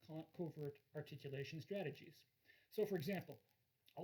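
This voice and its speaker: A man's voice: high voice, darkish tone, slightly rough, rough recording. A man lecturing in a recorded course, explaining ideas through everyday examples and acting out the quoted lines.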